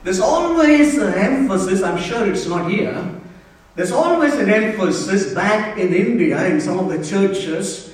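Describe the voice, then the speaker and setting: A man preaching a Good Friday sermon, emphatic and repetitive, dropping to a hush for key lines. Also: sits high, lively intonation, unhurried. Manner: emphatic, repeats key phrases, drops to hushed tones. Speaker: pastor. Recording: roomy church sound from a distance.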